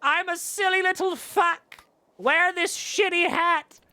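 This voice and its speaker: A man voicing a giddy, goofy male game character with a high, giggly, slow and silly delivery. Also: steady tone, sharp tone, heavily acted.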